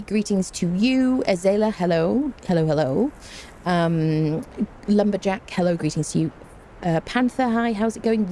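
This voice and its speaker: A fairly low-pitched, mellow-voiced woman streams games and greets her chat in a loose, playful ramble sprinkled with invented words. The desk microphone also picks up a blowing fan and a faint hiss or hum from her home room, where a window is open.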